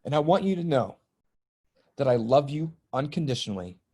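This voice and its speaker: A man's voice: mid-range voice, lively intonation, moderate pace, warm tone. Middle-aged guy, guest on a podcast, telling a heartfelt story, cracks little jokes. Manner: earnest and emotional, breaks tension with jokes. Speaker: guest, spiritual teacher and healer. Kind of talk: personal storytelling in a podcast interview.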